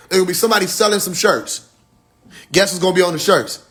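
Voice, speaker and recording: A man's voice: high voice, sing-song, quick pace, fairly bright tone. A man, talking loose and emphatic in a livestream monologue, full of profane slang, racing ahead in bursts and then drawing words out. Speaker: livestream host.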